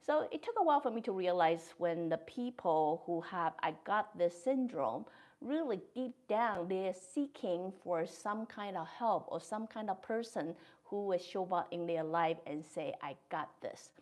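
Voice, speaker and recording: A woman hosting her own podcast, talking through a reflective monologue in a gentle, thoughtful way, speaking English with non-native grammar. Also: on the low side, lively intonation, moderate pace. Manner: gentle, thoughtful, with soft laughs. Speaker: podcast host.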